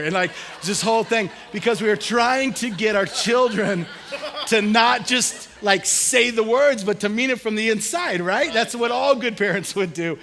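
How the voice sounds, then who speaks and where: High-voiced pastor, casual and joking. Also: male voice, moderate pace, a bit bright. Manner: casual, humorous storytelling with audience questions. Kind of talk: conversational sermon.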